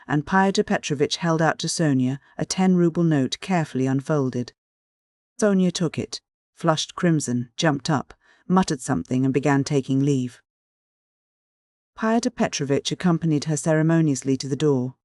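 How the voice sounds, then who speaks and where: A man narrating a classic novel as an audiobook reader, with steady, even delivery. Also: fairly high pitch, normal speed, no echo, studio quality. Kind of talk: scripted narration.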